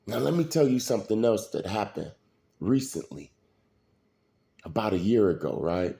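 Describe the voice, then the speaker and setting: Slow deep-voiced man telling stories. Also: mellow. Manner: slow, preachy street storytelling. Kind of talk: casual storytelling monologue.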